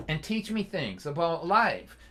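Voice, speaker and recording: A man in his sixties telling a personal story at a concert, earnest and halting, with restarts and an occasional cough. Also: on the high side, big pitch swings, fairly bright tone. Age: 60s. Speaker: folk singer and storyteller.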